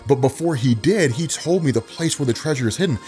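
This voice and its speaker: A man doing a weary old pirate confiding low. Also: animated, fast, darkish tone, faint music behind, close to an everyday voice.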